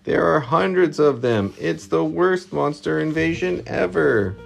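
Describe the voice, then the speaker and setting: A man voicing a panicked young goat-herding boy in a storybook, yelling and frantic. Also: medium pitch, animated, a little slow, gravelly, soft background music, pitched above the performer's own voice.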